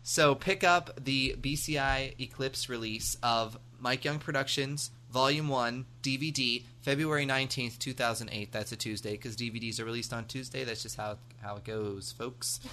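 A man's voice: mid-range voice, steady tone, moderate pace, hardly any pauses, pushed and bright. An American man co-hosting a podcast, chatting casually in a rambling, jokey way with many fillers. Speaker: podcast co-host. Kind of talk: casual chat.

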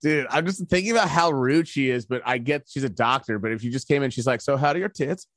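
An animated man bantering on a live podcast, profane and laid-back, always calling people "dude". His pitch is ordinary, and the sound is dry and close to the mic. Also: fast, no room sound. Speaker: podcast co-host. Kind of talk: casual live-show banter.

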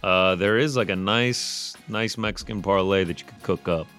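Man, podcast co-host, low voice, casual rambling chat, faint music behind. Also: moderate pace, fairly bright tone. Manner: laid-back, rambling with fillers and restarts. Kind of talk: casual sports-betting chat.

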